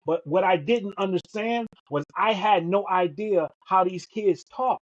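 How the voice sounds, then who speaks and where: A middle-aged man talks with emphatic storytelling energy, doubling back over his words and leaning on "man" as he goes. His voice sits a little high for a man. The sound is dull and lo-fi, like a thin connection. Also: unhurried. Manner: emphatic, repeats words, says "man" often. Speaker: podcast co-host. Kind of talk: storytelling in conversation.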